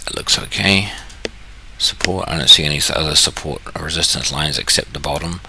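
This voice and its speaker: Very deep, gravelly man thinking aloud. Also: fairly quick, pushed and bright, slight background noise. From New Zealand. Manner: thinking aloud, self-correcting, jokey. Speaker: trading channel host. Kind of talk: casual screen-share walkthrough.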